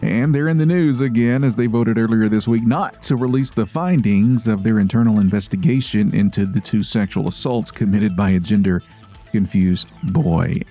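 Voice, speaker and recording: A man reading a news segment on a radio show in a steady, measured delivery. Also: mid-range voice.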